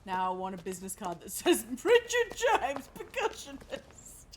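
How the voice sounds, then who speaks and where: A woman's voice: mid-range voice, huge pitch swings, normal speed, slight background noise. A woman streaming a video game live, chatting and joking with her viewers, swearing freely as she plays. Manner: chatty, joking and profane, talks to chat. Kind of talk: live gameplay commentary. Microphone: webcam setup. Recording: game music playing behind.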